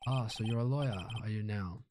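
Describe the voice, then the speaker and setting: A man's voice: fairly low pitch, brisk, background noise, close to an everyday voice. A man putting on a pompous old Southern lawyer. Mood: blustering. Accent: put-on Southern US. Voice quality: drawling, throat-clearing, stammering excuses. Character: pompous older male lawyer, evasive and blustering.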